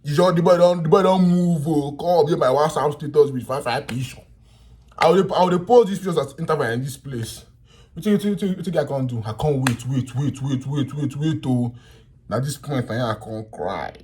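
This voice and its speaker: A young man from Nigeria with a Nigerian accent, telling a travel story to camera in a loose, animated way, laughing and swinging between loud and quiet. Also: on the high side, fairly quick. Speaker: vlogger. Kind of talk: casual storytelling in pidgin.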